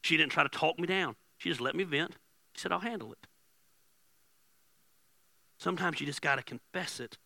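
A man preaching a casual, joking sermon as pastor, swinging from hushed asides to loud bursts. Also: on the high side, quick pace, vocal fry, no room sound.

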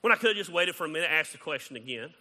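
A man preaching a sermon as pastor, conversational and animated, acting out quoted exchanges. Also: a little high, rapid-fire, in a large hall.

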